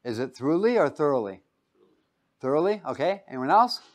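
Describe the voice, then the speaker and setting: A man with a slightly high voice and moderate pace teaches a Bible lesson in sermon form. He jokes, asks his audience questions, and shifts lively between loud and quiet.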